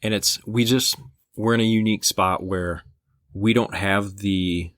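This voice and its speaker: Deep-voiced man chatting on a podcast. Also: steady tone, measured pace, fairly bright tone, no room sound, clean studio sound. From Michigan. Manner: enthusiastic, rambling storyteller. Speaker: podcast co-host. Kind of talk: casual chat. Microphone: podcast microphone.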